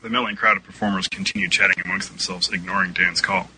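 A man narrating an amateur audio play in a lively, expressive reading voice. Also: deep voice, fast, a little hiss or hum, rough recording.

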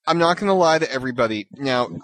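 A man's voice: medium pitch, fast, no room sound. A man co-hosting a podcast, chatting casually and spinning exaggerated, jokey stories. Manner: animated storytelling, jokey exaggeration. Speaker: podcast co-host. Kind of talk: casual chat.

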